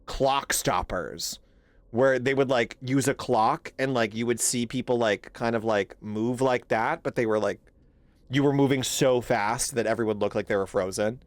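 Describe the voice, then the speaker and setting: A man's voice: medium pitch, moderate pace, dry recording. A man streaming a horror game live, chatting casually, laughing often, swearing and thanking viewers. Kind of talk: casual live gameplay commentary.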